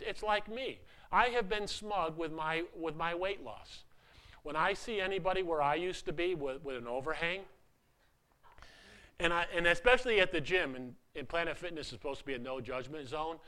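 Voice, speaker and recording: A male pastor preaches in a high, bright voice. His sermon comes across as casual and conversational, full of restarts and jokes at his own expense, delivered to a live congregation. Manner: conversational, self-deprecating preaching with many repeated starts.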